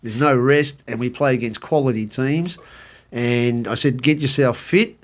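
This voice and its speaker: A man's voice: mid-range voice, a little slow. A man, a former national team footballer, casually telling a story about a teammate. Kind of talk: casual chat.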